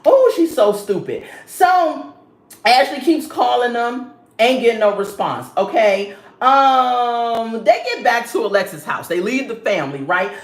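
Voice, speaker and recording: Animated sassy woman in a roomy space. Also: on the high side, a little slow. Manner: animated and sassy, laughs often, acts out the people she talks about. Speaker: reality TV recap vlogger. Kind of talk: casual review commentary. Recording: roomy echo.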